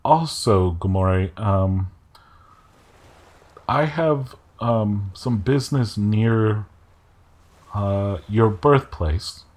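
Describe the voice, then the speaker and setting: A man running a tabletop game as game master, talking in a relaxed way with many fillers. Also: on the low side, drawn-out words, long pauses.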